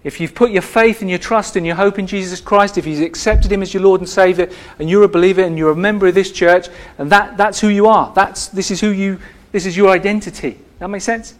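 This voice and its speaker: A man's voice: high voice, fairly even intonation, fairly quick. A man preaching a sermon as the church's pastor, earnest and emphatic, repeating phrases and restarting his sentences.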